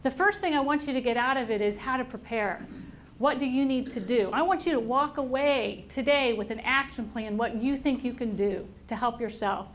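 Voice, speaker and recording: A middle-aged woman speaking to an audience, telling a personal story in an animated way and acting out the voices of people she quotes. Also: fairly high pitch, normal speed, slight background noise. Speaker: invited speaker. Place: auditorium at a workplace event.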